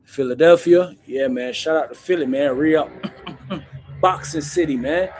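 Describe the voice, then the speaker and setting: A man hosting a casual live Q&A, talking bluntly in street slang and calling the viewer bro, with loud bursts when he acts out stories. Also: on the high side, a little slow. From Jamaica. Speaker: host answering viewer questions.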